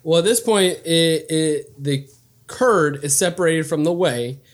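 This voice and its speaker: A man's voice: fairly high pitch, measured pace. A man co-hosting a casual chat show, playful and jokey, laughing often and stumbling through fillers. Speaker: co-host.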